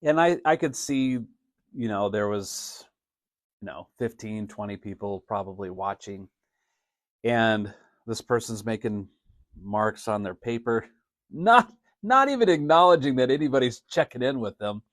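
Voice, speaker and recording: A chatty man hosting a live podcast, with a voice of middle pitch. He talks casually, laughs often and slips into playful mock announcements. The sound is dry and close, with little room around it. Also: lively intonation, unhurried, no echo. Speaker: podcast host. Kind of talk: casual live-stream talk.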